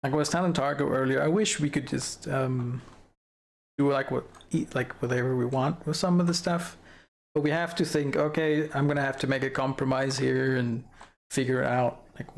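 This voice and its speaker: With a medium pitch, fairly even intonation, and normal speed, a young adult livestreamer chats casually with viewers. They ramble, giggle often, and address chat while showing off an avatar model.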